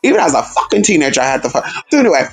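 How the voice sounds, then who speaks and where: A man's voice: a little high, very animated, rapid-fire, vocal fry, husky. A man hosting a casual livestream, talking sassily and animatedly to his viewers, calling them girl and honey. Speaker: livestream host.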